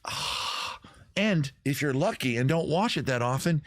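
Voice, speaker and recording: A man hosting a livestream from home, riffing on viewer questions in a rambling, crude, deadpan absurd way. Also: on the high side, unhurried, dry recording, clean studio sound. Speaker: host. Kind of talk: improvised comic livestream answering viewers.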